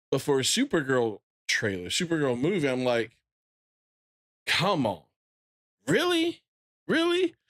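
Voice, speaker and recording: A man in his thirties talks casually to his stream viewers in a slightly high voice. He is animated and breaks into loud excited bursts as he retells things. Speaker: gaming streamer. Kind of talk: casual live-stream chat.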